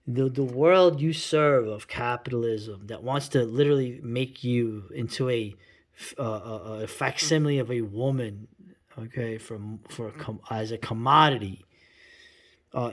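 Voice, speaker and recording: A middle-aged man giving a rambling, sarcastic reaction commentary, full of fillers and restarts. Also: mid-range voice.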